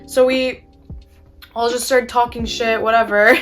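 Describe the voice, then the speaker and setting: A woman's voice: a little high, level tone, measured pace, fairly bright tone, faint music behind. A young woman chatting casually while doing her makeup, telling an exasperated story with casual swearing. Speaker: beauty vlogger.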